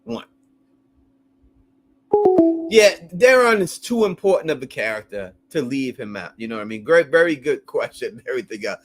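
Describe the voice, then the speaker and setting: A man hosting a casual call-in live stream, animated and crude, laughing often and using lots of slang. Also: mid-range voice, moderate pace, pauses often, soft background music.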